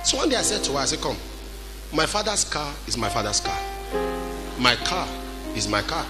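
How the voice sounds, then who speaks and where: A man preaches with a high voice that leaps up and down in pitch. He shouts his warnings, then drops low to tell a story from his own life. Music plays clearly under his words. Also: sing-song, moderate pace. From Nigeria. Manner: exhorting, swings from shouting to quiet storytelling. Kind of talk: sermon. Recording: music behind the voice.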